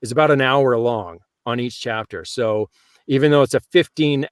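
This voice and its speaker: A man's voice: medium pitch, normal speed, no room sound. Man hosting in a dry, close sound. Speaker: host and audiobook narrator. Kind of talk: casual panel chat.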